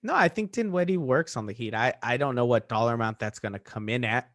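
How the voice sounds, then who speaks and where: A young man from Orlando co-hosts a sports podcast, arguing his points in a casual debate full of playful ribbing. He speaks fast in a mid-range, slightly bright voice, with clean studio sound and no room sound.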